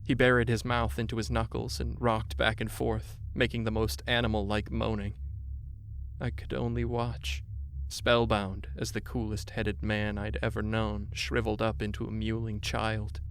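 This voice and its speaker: A man narrating a horror story in a measured way, slowing down on grim details. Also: lowish voice, flat delivery, a little hiss or hum.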